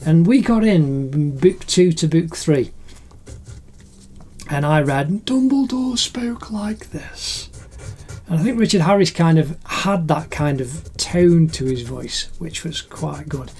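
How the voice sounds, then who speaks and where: A man's voice: a little high, measured pace, darkish tone. A middle-aged man narrating a drawing tutorial in a chatty, encouraging way, like an art teacher.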